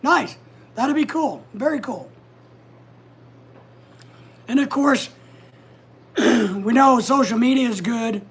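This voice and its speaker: Woman streaming from home, kinda husky, higher voice, chatty and full of advice. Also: slow pace, pauses often. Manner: chatty, advice-giving, reads out viewer comments. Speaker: livestream host. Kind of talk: casual livestream chat.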